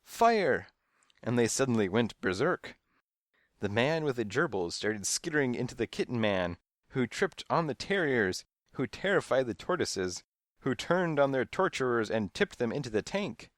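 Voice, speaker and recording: A man narrating a children's mystery audiobook in first person, with expressive, playful storytelling. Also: mid-range voice, moderate pace, dry recording, studio quality.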